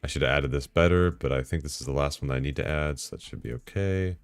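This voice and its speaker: A man live-streaming, talking casually to himself and his chat while setting up software, swearing and bursting into excited outbursts. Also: a bass voice, fast, smooth, dry recording, faint music behind.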